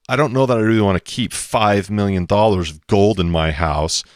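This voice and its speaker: A man with a very low, deep voice talks emphatically on a podcast. He acts out quoted back-and-forth exchanges as he explains. The sound is dry and close, with no room echo. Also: brisk, few pauses. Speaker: co-host explaining investing. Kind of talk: animated podcast talk.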